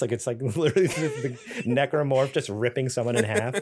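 Male co-host, mid-pitched voice, rambling, laughs a lot. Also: quick pace. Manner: rambling storyteller, laughs often, many fillers. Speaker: podcast co-host. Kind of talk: casual chat.

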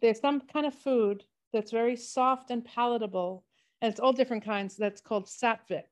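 A woman's voice: on the high side, fairly even intonation, normal speed. A woman co-hosting a podcast, chatting casually and telling long rambling stories. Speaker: podcast co-host. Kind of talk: casual chat.

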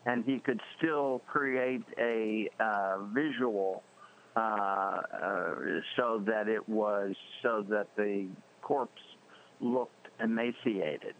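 An older man, a guest actor in a casual interview, speaking slowly and haltingly with many fillers. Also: fairly low pitch. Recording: dull lo-fi audio with faint background hiss.

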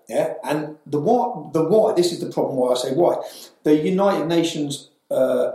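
Man, interview guest, fervent storytelling, mellow tone, very echoey room. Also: a little high. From England. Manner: fervent, tags lines with "yeah?". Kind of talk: heated storytelling.

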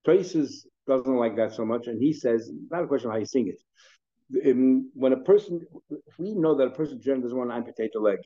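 A man gives a relaxed daily Talmud lesson, thinking out loud, often restarting his sentences and weaving in Hebrew and Aramaic terms. His voice is mellow and dark. The recording sounds dull and muffled. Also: medium pitch. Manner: conversational, thinking aloud with frequent restarts; mixes Hebrew and Aramaic terms into English explanation. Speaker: Talmud teacher. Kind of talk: daily Talmud class lecture.

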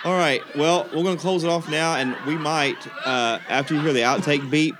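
A man's voice: fairly high pitch, normal speed, noisy background. A man hosting a casual chat show, laughing easily and wrapping up segments. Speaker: podcast host. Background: music.

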